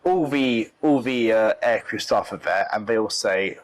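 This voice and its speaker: In a rough recording, a young British man speaks a little slowly in a fairly low voice, describing a distressing trip to an interviewer. It's casual storytelling, but he's emotional and keeps going back over the same points.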